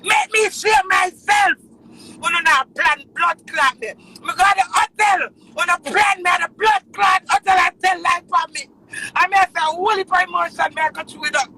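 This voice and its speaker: A middle-aged woman with a Jamaican accent, delivering an emotional, defiant social media rant that swings into shouting. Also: extremely high pitch, normal speed, some chatter behind, slight background noise, rough recording. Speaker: dancehall artist.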